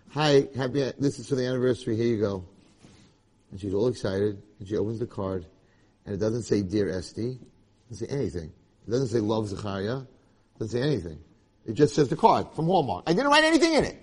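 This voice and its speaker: A man giving a Torah lecture to a live audience, telling stories with animated, rising emphasis. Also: medium pitch, slightly rough. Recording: lecture hall with long reverb.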